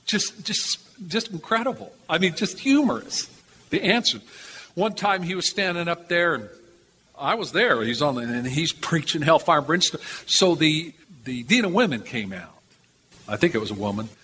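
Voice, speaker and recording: An older man preaches with a high, bright voice that rings out. He tells his story in an animated way, repeating himself and chuckling. The sound echoes through a large hall over a faint background hum. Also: normal speed. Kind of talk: storytelling sermon.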